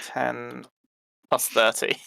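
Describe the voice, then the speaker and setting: A man's voice: mid-range voice, monotone, extremely slow, creaky, bright, forceful tone. A man playing a tabletop game with a dry, wry delivery, who chuckles at his own moves. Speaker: player.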